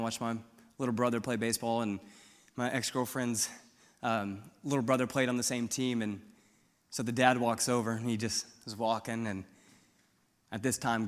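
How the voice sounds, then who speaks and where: A young man from Missouri, a pastor, giving a sermon with his testimony, moving from quiet storytelling to loud, fervent preaching. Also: medium pitch, long reverb tail. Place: church sanctuary.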